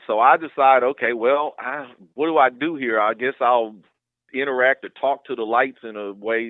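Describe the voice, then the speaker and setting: A man's voice: medium pitch, moderate pace, no room sound. Middle-aged man on a tinny phone line. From West Virginia, USA. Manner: meandering, searching for words. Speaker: podcast guest. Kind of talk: casual storytelling over a call. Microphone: phone call.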